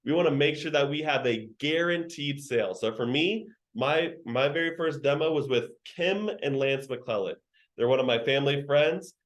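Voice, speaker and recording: A young man leading a virtual sales training session over a video call, talking in slang and joking with the trainees. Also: fairly high pitch.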